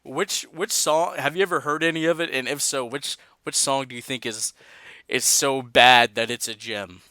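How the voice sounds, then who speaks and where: A man's voice: medium pitch, fairly even intonation, moderate pace, pushed and bright, no room sound. A man hosting a casual wrestling podcast, reading out match results and chatting loosely with dude and man. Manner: laid-back, says dude and man, reads out results. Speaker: podcast host.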